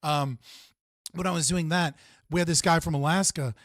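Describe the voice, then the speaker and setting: A young man hosting a livestream, talking casually about politics, swearing freely and telling stories with lively energy over a video call. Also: fairly high pitch, normal speed, dry recording, studio quality. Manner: animated storyteller, swears freely, does excited voices in anecdotes. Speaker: livestream host.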